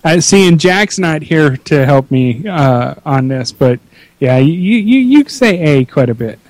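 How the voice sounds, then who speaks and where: Rambling higher-voiced man, dry sound. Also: expressive, unhurried, a little mellow, no echo. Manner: rambling, hesitant, many restarts. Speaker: podcast co-host. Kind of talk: casual chat.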